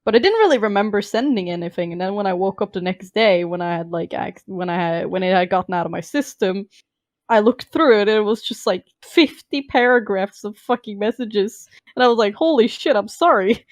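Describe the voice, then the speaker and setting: A woman's voice: mid-range voice, a little fast, dry recording. A woman whose first language is Norwegian joins a casual podcast as a guest, with a mid-range voice. She comes across blunt and sarcastic and swears freely. Her voice is recorded close and dry, with no room sound. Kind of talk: casual chat.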